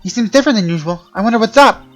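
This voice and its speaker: A man's voice: sits high, lively intonation, very fast, soft background music. A man streaming, reading game dialogue aloud and voicing an earnest young male lawyer in his own plain voice, with casual, playful asides.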